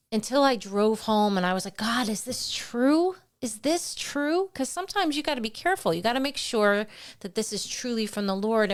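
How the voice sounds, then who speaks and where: An earnest woman talks on a Christian podcast, retelling her own family struggles with real feeling. Her pitch sits in the middle of the usual range, and she slips into other voices when quoting people. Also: clear, resonant tone. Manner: earnest, heartfelt, animated retelling. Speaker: podcast co-host. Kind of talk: faith conversation, personal storytelling.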